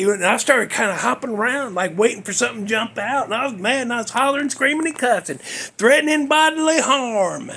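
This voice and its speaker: A man's voice: extremely high pitch, animated, fairly quick, creaky, bright, forceful tone, breathy edge. A male podcast host telling a story in a casual, folksy, rambling way, cussing freely.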